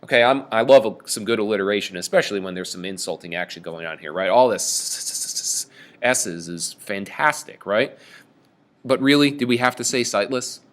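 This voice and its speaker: A man giving a lecture on a play, reading lines aloud and explaining them in an animated, casual way. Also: lowish voice, fairly quick. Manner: animated, reads quoted lines with raised voice. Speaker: teacher.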